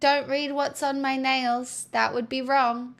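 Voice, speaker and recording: A woman's voice: sits high, flat delivery, slow, gravelly, a bit bright. A woman livestreamer chatting casually with her viewers, using sarcastic, mock-corporate girlboss patter.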